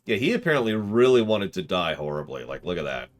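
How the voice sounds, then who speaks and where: A man with a low voice and wide pitch swings talks quickly as he streams a game. He chats casually with his viewers, rambling while working through puzzles out loud.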